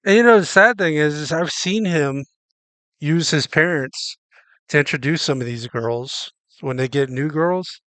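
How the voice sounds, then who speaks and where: A blunt man talks over a clip he is watching, swearing and sounding incredulous. His voice comes through smooth and clear. The sound is dry, with no room in it. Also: a little high, measured pace, a bit bright, no echo. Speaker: streamer reacting to a video. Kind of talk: casual reaction commentary.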